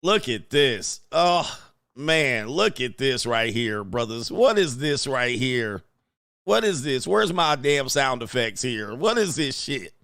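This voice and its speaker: A man's voice: medium pitch, big pitch swings, slow, a bit bright. A man hosting crude casual commentary, laughing and swearing as he tells stories. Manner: profane, laughing, storytelling. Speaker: livestream commentary host.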